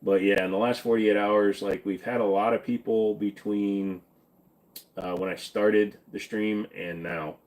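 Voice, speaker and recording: Guy from virginia doing a live stream, lowish voice, crude jokes, reads chat. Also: steady tone, measured pace, a little mellow.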